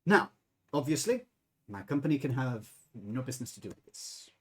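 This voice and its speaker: Man voicing a discreet German banker in a tabletop game; husky, lively delivery, shaky put-on German accent. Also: medium pitch, moderate pace, pitched below the performer's own voice. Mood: formal. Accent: put-on German accent, drifting. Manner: formal, hesitant, discreet. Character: scheming male German banker, formal.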